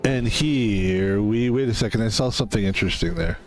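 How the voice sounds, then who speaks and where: Guy chatting over his gameplay, swears a lot, wanders off topic, game music low underneath. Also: moderate pace. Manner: rambling, profane, joking asides. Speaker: gaming YouTuber. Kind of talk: casual let's-play commentary.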